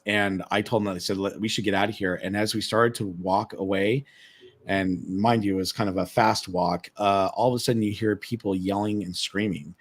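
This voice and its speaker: Low-voiced guy telling a spooky story, gets excited, repeats himself, acts out the lines. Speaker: guest, former ship tour guide. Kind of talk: animated storytelling. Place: remote live stream call.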